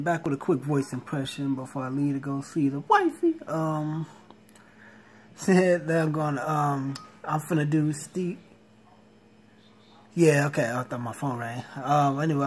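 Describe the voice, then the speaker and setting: A man's voice: on the high side, normal speed. A young man talking casually and slangily as a YouTube impressionist, laughing often. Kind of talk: casual vlog chat.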